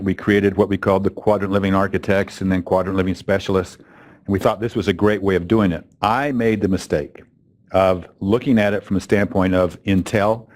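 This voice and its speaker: Middle-aged man, low voice, chatty storyteller, audience talk. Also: a little mellow. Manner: conversational, with fillers and self-corrections. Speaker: speaker opening a training event.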